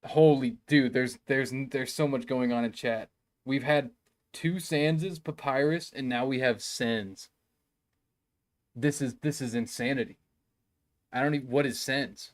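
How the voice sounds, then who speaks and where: A man's voice: medium pitch, measured pace. Joking young man streaming a game. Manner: rambling and joking, chatting with viewers in chat. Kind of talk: casual live-stream commentary.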